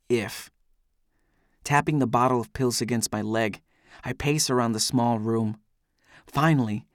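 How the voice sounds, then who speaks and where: A man's voice: medium pitch, no room sound, studio quality. A man giving an intense, brooding first-person audiobook narration.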